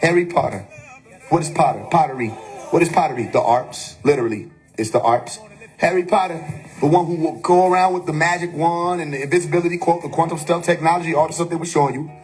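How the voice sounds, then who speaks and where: A man's voice: a little high, quick pace, soft background music. A man on a phone live stream giving an emphatic, preachy spiritual monologue, full of rhetorical questions and casual swearing.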